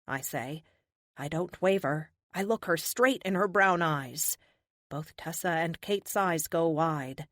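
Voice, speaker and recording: A woman narrating a first-person audiobook in an expressive, animated way. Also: on the low side, takes it slowly, dry recording, studio quality.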